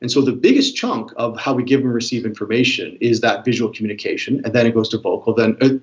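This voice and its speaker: A man's voice: mid-range voice, dull audio. A man, a body language expert, explaining communication in an interview and acting out different tones of voice as examples. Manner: fast, animated, demonstrates tones of voice.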